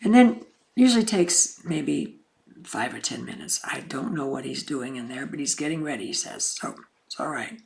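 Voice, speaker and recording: A woman telling a personal story in a gentle, unhurried, reflective way, with frequent pauses. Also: very deep voice, lively intonation, vocal fry. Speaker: speaker.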